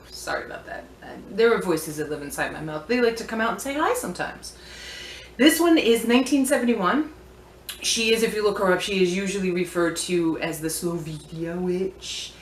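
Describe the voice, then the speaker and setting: A woman's voice: fairly low pitch, expressive, normal speed, a little hiss or hum. A woman who sells vintage antiques, showing off her finds in a chatty, playful, wandering way. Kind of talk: casual show-and-tell vlog. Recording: echoey room.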